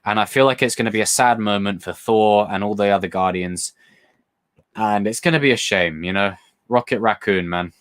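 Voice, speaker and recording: A young man chats live with his audience in a slightly low voice. He rambles from one thought to the next, gets excited easily and swears without a second thought. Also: normal speed. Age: young adult. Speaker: livestream host reading chat questions. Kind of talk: casual live chat.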